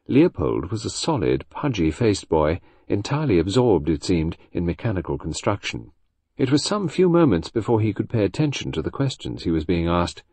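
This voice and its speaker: A man narrating an audiobook in a measured, expressive way. His husky voice moves lively in pitch. The recording is close and dry. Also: dry recording. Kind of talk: scripted narration.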